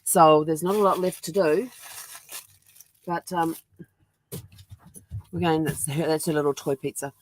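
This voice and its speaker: A woman from New Zealand speaks in a low voice at a measured pace, leaving long pauses. She's a vlogger chatting casually at home with her dog, and her rambling daily vlog is full of ums.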